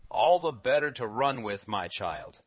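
A man's voice: mid-range voice, expressive, unhurried, husky, pitched above the performer's own voice. A man doing a sly, hungry storybook wolf. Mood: coaxing. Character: cunning hungry male wolf.

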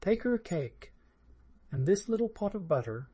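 A fond, caring mother from a fairy tale, speaking gently in a lifted voice, as a man reads her part. The sound is mellow and warm, recorded dry and close. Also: high voice, big pitch swings, measured pace, slightly rough, no room sound, voice pushed up, heavily acted.

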